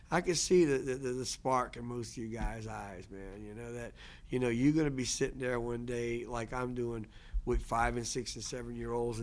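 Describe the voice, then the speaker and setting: A man's voice: mid-range voice, a little mellow. A man who teaches language, speaking in a casual, earnest lecture style with frequent restarts and repetition. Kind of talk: casual lecture answering questions.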